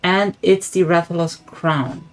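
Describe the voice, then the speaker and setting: A woman with a slightly low voice streams a game and thinks aloud in easy chat with a friend. She muses over her choices between dry little jokes. Faint game music plays under her voice. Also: fairly even intonation, measured pace. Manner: musing, thinks aloud while playing. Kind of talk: casual gaming chat. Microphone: streaming setup.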